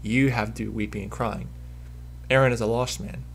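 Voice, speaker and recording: A man's voice: mid-range voice, steady tone, moderate pace, creaky, a little hiss or hum. A man delivering a preachy religious commentary monologue, emphatic and repetitive as he hammers home his points.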